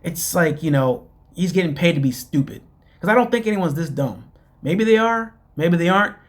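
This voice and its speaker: A man's voice: on the high side, animated, moderate pace. A man casually recapping a reality show, rambling with lots of fillers and mocking asides.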